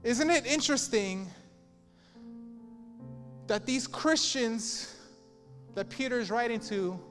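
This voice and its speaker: A man's voice: extremely high pitch, expressive, slow, a bit bright, big-room sound, soft background music. A man pastor preaching a sermon in an emphatic, repetitive style.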